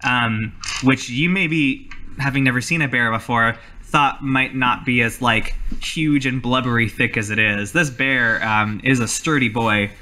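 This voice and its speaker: A man narrating as game master in a tabletop game, relaxed and playful with frequent fillers. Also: mid-range voice, unhurried.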